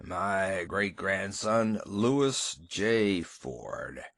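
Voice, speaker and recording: Man voicing a domineering very old patriarch, deep portentous monotone, lowered voice, audiobook. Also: drawn-out words, dry recording, clean studio sound, heavily acted. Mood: scolding. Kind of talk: audiobook character voice.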